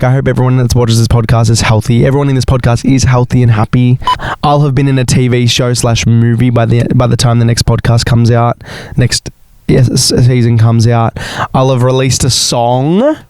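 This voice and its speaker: A young man hosting a casual solo podcast, telling stories in an animated, excitable way with plenty of swearing. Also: mid-range voice, brisk, dry recording. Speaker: podcast host.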